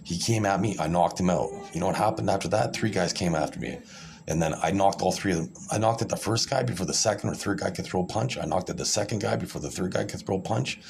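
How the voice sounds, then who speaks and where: With a low-pitched voice, quick pace and vocal fry, a video creator rambles to camera over slight background noise. The monologue is boastful, combative and full of profanity, and he keeps repeating himself and restarting his phrases.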